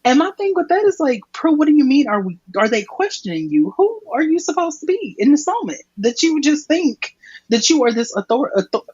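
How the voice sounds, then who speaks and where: A podcast co-host chatting casually about a comic, animated and quick to joke. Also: high-pitched, no echo. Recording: dull, slightly muffled recording.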